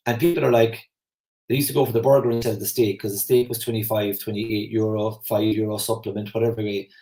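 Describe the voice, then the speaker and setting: A man's voice: fairly low pitch, flat delivery, fast talker, mellow, reverberant, rough recording. Irish man in his forties, chatty coach. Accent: Irish, Kerry. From Ireland. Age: 40s. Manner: rambling, anecdotal, conversational with fillers. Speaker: personal development coach. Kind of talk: casual spoken talk.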